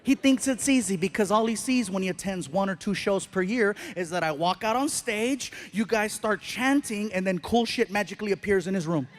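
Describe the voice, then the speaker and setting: A Mexican American man doing stand-up on stage, telling stories with animated acted-out dialogue. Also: high voice, a little fast, few pauses. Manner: animated, acts out dialogue with voices. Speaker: stand-up comedian. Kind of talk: stand-up storytelling. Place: comedy stage before live audience.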